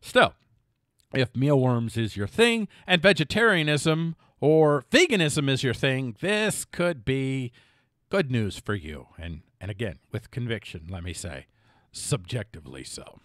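A man's voice: medium pitch, a bit bright, no echo, clean studio sound. Jokey middle-aged man commenting on news. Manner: jokey, sarcastic asides, self-mocking, stumbles and restarts.

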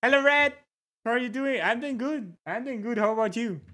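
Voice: mid-range voice, brisk, a bit bright. A livestreamer in casual chat, reading viewer messages aloud, greeting people, and repeating words with amusement.

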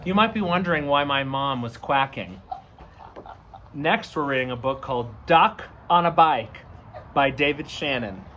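A man reading a picture book aloud to children in a gentle, unhurried way, adding chatty asides between the pages. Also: mid-range voice, muffled recording, a little hiss or hum. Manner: animated, lively voice. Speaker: storybook reader.

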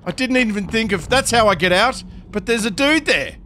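A man giving live gameplay commentary, excitable and talking to himself, often yelping and laughing. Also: sits high, moderate pace, slight background noise. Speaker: Minecraft streamer.

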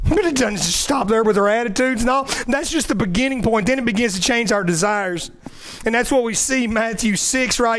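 A man's voice: extremely high pitch, fairly bright tone. A middle-aged male pastor preaching a conversational sermon, often checking in with "right?".

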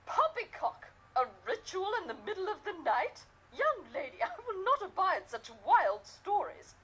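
An actress voicing a stern elderly great-aunt with a British accent in an adventure game, speaking with haughty indignation. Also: female voice, extremely high pitch, sing-song, normal speed, a bit bright, heavily acted, poor audio. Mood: indignant. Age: older.

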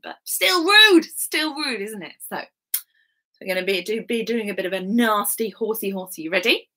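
A woman's voice: medium pitch, animated, normal speed, pushed and bright. A woman at home leading an interactive children's story time, coaxing and talking straight to the kids.

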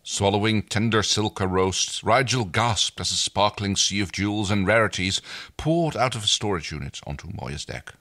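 A man's voice: fairly low pitch, lively intonation, normal speed, pushed and bright. A man co-hosting a podcast, reading fan fiction aloud in a playful, easily amused way. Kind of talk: casual fanfic reading with banter.

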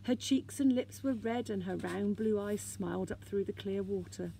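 A woman teacher reading a children's storybook aloud in a gentle, expressive way. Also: mid-range voice, moderate pace, vocal fry, slight background noise.

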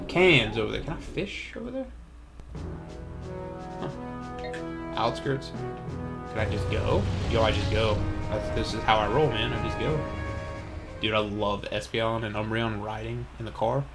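A man's voice: lowish voice, moderate pace, creaky, pauses often. A man hosting a let's play with hype, slangy game commentary. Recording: commentary over loud game music. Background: game music.

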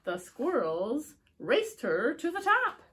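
A woman reading picture books aloud to young children, expressive, with gasps and drawn-out words. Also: sits high. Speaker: storytime reader.

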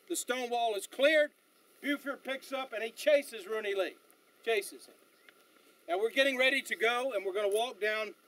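A man leading a battlefield tour outdoors, telling stories in an animated way with frequent fillers and restarts. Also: high-pitched, rough recording. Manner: animated storyteller, halting with fillers. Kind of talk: outdoor guided tour talk.

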